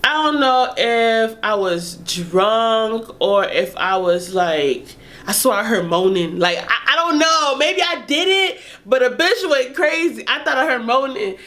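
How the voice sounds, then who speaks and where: Young woman, somewhat high voice, casual storytime, animated, cursing, laughing. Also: unhurried, slight background noise. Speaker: vlogger.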